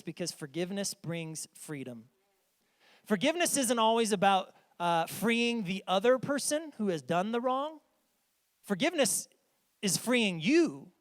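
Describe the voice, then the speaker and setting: Pastor pria, suara tinggi, berkhotbah sungguh-sungguh di gedung gereja bergema panjang. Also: male voice, high voice, long reverb tail. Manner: earnest, emphatic preaching. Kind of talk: sermon. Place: church sanctuary.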